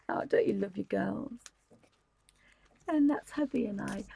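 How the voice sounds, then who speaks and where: A woman's voice: mid-range voice, normal speed, gravelly, pauses often, dark tone, breathy edge, poor audio. A woman, chatting casually and giggling as she hosts a live stream. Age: 50s. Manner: chatty and giggly, rambling with restarts. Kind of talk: casual chat, showing things to camera.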